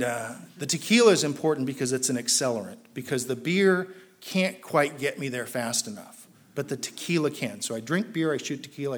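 A man, a trial lawyer, telling his recovery story to a live audience in an animated, self-mocking way. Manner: animated, self-mocking storytelling that climbs loud and high when excited. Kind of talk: personal story told to an audience. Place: talk before a live audience.

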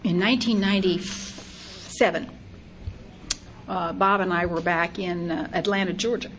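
An older woman sharing her recovery story as a personal testimony, lively and acting out her own past thoughts in quotes. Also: on the low side, a little slow, a little hiss or hum.

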